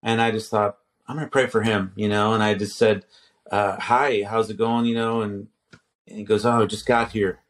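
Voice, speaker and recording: A man's voice: lowish voice, little pitch movement, moderate pace. A man in his fifties who teaches at a seminary, telling a story in casual conversation, restarting sentences and quoting himself and others.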